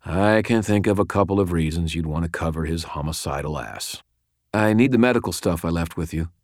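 A suave, sardonic rich man with a dry, cutting way of speaking, as a deep-voiced male audiobook narrator puts him on. The voice sits very low and sounds close and dry. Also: fairly quick, no echo. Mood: grudging. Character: suave wealthy man, sardonic half-brother. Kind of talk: audiobook character voice.

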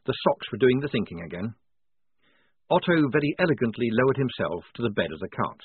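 Man, audiobook narration, wry and expressive, lively pitch, husky, tinny phone-like sound. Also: fairly quick, no room sound. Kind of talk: scripted narration.

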